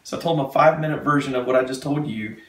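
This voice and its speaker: A man telling a testimony story with animation, retelling quickly and acting out the quotes. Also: medium pitch, a bit bright. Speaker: speaker giving a testimony. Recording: echoey room, mic far off.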